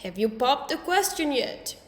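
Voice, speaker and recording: A woman's voice: high-pitched, sing-song, unhurried. A woman voicing a mischievous little boy who teases and chants. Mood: cheeky. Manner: chanting, teasing. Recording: roomy with long reverb.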